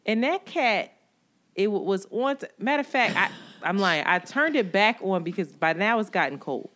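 Animated woman telling wild stories. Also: medium pitch, normal speed. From New York. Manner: animated storyteller, swears freely, laughs often. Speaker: podcast co-host. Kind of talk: casual chat.

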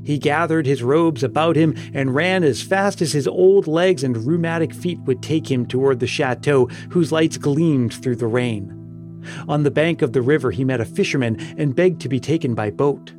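A man narrating an audiobook tale in a measured, solemn storytelling manner. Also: on the high side, a little mellow. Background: music.

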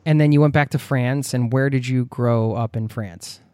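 A man's voice: mid-range voice, moderate pace, clear, resonant tone, no echo. Chatty male podcast host, dry sound. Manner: relaxed, chatty, laughs easily. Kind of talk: casual podcast interview. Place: home in Norway.

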